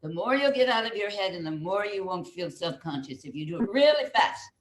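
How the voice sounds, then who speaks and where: Older female voice coach, energetic and coaxing, heard over a video call. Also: mid-range voice, brisk. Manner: coaxing, energetic, repeats instructions. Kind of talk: leading a group vocal warm-up.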